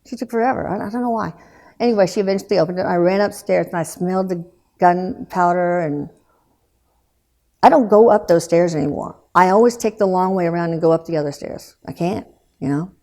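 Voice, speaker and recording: A woman in her sixties, a guest telling a painful personal story in an earnest, subdued way, halting with restarts and trailing pauses. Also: fairly low pitch, warm tone. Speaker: guest recounting loss.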